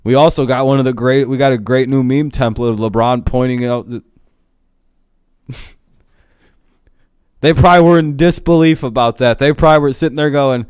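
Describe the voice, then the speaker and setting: A man's voice: mid-range voice, moderate pace, pauses often, a little mellow, clean tone, no room sound, studio quality. A young man ranting casually to his live-stream chat, swearing a lot, laughing often and getting heated.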